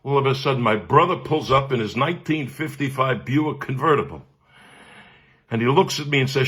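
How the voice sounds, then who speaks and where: A man, a cantor telling a humorous personal story with animated delivery and frequent laughs. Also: mid-range voice, fairly quick, husky. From Brooklyn, New York. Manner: animated, laughs often, acts out voices.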